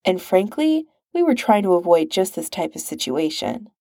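A woman reading a composed, sincere male agent who speaks in a measured, formal way. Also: fairly low pitch, sing-song, dark tone, no room sound, clean studio sound.

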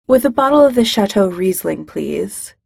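A woman voicing a refined, deep-voiced posh young man who speaks in a measured, brisk way. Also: lively intonation, vocal fry, darkish tone, breathy edge, no echo, studio quality, full character voice.

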